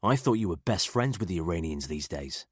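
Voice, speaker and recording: A man's voice: low-pitched, animated, a little fast, slightly rough, no room sound, studio quality. A male narrator voicing a tough soldier who answers in short, clipped lines while defusing a bomb. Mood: terse.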